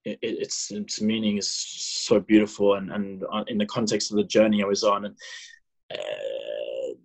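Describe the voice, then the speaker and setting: Husky-voiced storytelling man. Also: fairly low pitch, moderate pace, poor audio. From South Africa. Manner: animated, acts out his own past dialogue, many fillers and restarts. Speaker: podcast guest. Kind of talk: casual storytelling.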